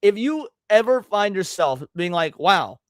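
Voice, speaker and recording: A man's voice: high-pitched, big pitch swings, a little slow, smooth, no echo, clean studio sound. A man hosting a live stream, reacting to clips with blunt, profane, emphatic rants. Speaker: streamer host.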